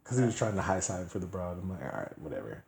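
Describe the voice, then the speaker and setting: A man's voice: sits low, quick pace, darkish tone, roomy sound. A man co-hosting a podcast, telling stories in casual chat, acting out quoted people in voices and laughing often. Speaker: podcast co-host.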